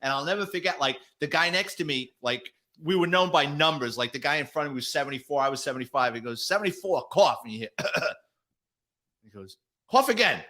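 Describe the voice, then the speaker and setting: A man's voice: medium pitch, brisk. A middle-aged man, a retired police detective, telling stories as a guest with lots of swearing and acted-out quotes. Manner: animated, profane, acts out quoted voices. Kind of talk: casual storytelling.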